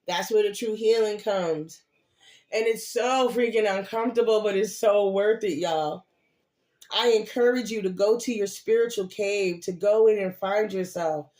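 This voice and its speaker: Older woman, casual tarot reader, animated and encouraging. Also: medium pitch, measured pace. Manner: animated, preachy encouragement with laughs and slang. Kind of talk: casual live tarot reading.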